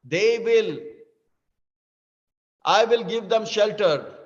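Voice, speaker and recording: A high-voiced divine lord issues urgent commands and protective promises, as a man acts him out in a sermon. He speaks slowly and insistently. The sound is dull and lo-fi, with a long hall reverb. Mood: earnest. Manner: urgent declaring with shouted commands.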